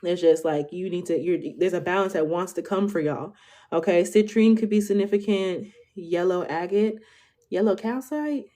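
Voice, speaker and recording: A woman's voice: lowish voice, fairly even intonation, moderate pace, dark tone. A woman in her twenties giving a casual tarot reading to viewers, chatty, swearing freely and tagging most lines with "okay?". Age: 20s. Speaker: tarot reader.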